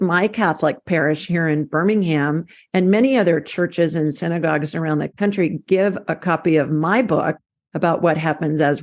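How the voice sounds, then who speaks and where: A woman hosts an interview in a lowish voice, brisk and ready with humorous asides. She talks in a conversational way, moving easily between points. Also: creaky, a little mellow. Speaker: podcast host, psychic and medical intuitive.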